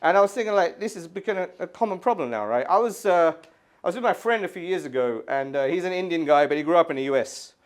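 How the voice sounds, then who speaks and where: A man's voice: fairly high pitch, lively intonation, fast. Sweary, exasperated stand-up man. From England. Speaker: stand-up comedian. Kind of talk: stand-up comedy set. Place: art gallery stage, live audience.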